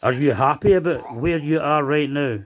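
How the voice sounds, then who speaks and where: A man's voice: a little high, normal speed. A man hosting a paranormal spirit box session, questioning the spirit in a stern, accusing way. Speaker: paranormal investigator host.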